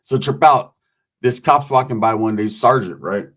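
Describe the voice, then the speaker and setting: A man's voice: mid-range voice, moderate pace, a bit bright. A man hosting a show, telling prison stories casually, profane and streetwise. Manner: profane, streetwise, acts out voices in quotes. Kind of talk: casual storytelling.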